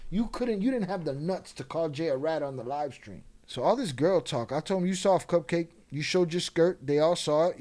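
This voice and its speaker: A man's voice: fairly high pitch, dark tone. Profane, taunting man ranting as host. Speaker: channel host. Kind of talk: angry commentary rant.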